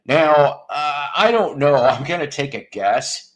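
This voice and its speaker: A man's voice: fairly high pitch, expressive, unhurried, a bit bright. Guy running a live stream, rambly crude jokes, voice swings up and down a lot. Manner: rambling, jokey, crude humor, laughs at own jokes. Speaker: livestream host. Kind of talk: casual chat with live viewers.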